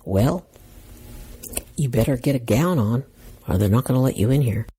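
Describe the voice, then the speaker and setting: A woman voicing a big, burly, curt male hospital doorman in a gruff, dismissive way while telling her story. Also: extremely low pitch, lively intonation, normal speed, dark tone, full character voice.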